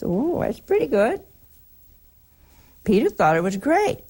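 A woman preaches to listeners at home in a gravelly voice that turns husky at the edges. She tells homely stories and keeps asking her audience rhetorical questions. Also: medium pitch, expressive, moderate pace, mellow. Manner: folksy storytelling, rhetorical questions. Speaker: religious speaker. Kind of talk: spiritual talk to a broadcast audience.

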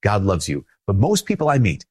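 A man with a Minnesotan accent giving an earnest, conversational sermon as a Catholic priest, often repeating phrases and laughing softly. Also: on the low side, huge pitch swings, brisk, breathy edge.

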